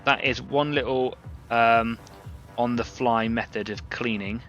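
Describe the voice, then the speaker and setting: A man's voice: medium pitch, steady tone, a little slow, a bit bright, muffled recording, faint music behind. A man hosting a live painting stream, talking casually and rambling as he works and greets viewers from the chat.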